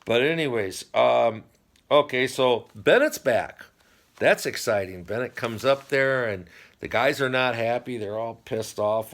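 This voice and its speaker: Recapping a TV dating show on his home channel, a middle-aged man talks a little slowly in a mid-range, fairly bright voice. The casual chat meanders, peppered with wry remarks.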